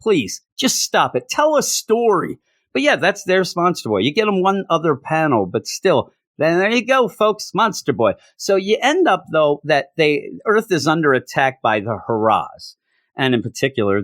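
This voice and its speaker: A man's voice: medium pitch, a bit bright, no echo, clean studio sound. A man casually reviewing a comic book, sarcastic, reading out lines in mocking voices.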